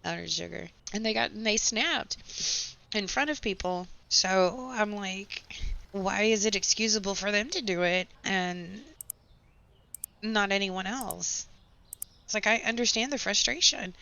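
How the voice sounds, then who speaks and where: A woman, hoarse with her voice nearly gone, chatting and venting sarcastically while playing a game. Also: mid-range voice, measured pace, pushed and bright. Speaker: gaming channel host. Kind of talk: casual gameplay chat with storytelling. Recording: slightly dull home recording with faint background noise.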